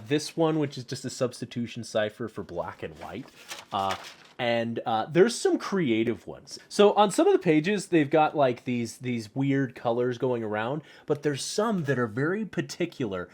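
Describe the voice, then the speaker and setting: A man's voice: medium pitch, sing-song, normal speed, a little mellow, slight background noise. A man hosting a casual vlog about his collectibles, talking in a playful, self-mocking way with many fillers and restarts. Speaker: YouTube host.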